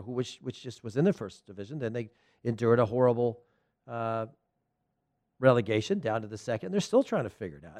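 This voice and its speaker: A man's voice: mid-range voice, no echo. A middle-aged man hosting a soccer show, giving a casual, rambling opinion monologue from a studio. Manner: animated, rambling, frequent restarts.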